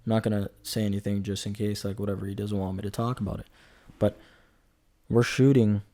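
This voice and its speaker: A man's voice: on the low side, little pitch movement, fairly quick, dark tone. A man in his twenties talking through a casual solo podcast, rambling and chatty, joking as he goes and correcting himself. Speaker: podcast host.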